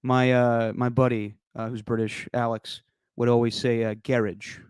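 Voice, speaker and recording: A man's voice: medium pitch, flat delivery, moderate pace, a little mellow, clean tone, dry recording, clean studio sound. A man co-hosting a podcast in easygoing, upbeat casual sports chat. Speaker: podcast co-host.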